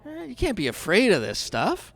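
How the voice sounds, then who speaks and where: A man pastor preaching a sermon in a conversational, storytelling way, swinging between hushed asides and loud outbursts. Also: high-pitched, wildly swooping pitch, normal speed, gravelly.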